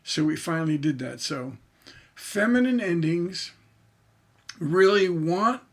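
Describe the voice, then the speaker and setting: A man's voice: fairly high pitch, animated, takes it slowly. A man teaching songwriting in a livestreamed lecture, explaining syllable stress by tapping out rhythms aloud.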